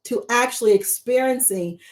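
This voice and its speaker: A woman's voice: a little high, normal speed. A woman mentor coach teaching a live-streamed coaching lesson, repeating rhetorical questions to her viewers.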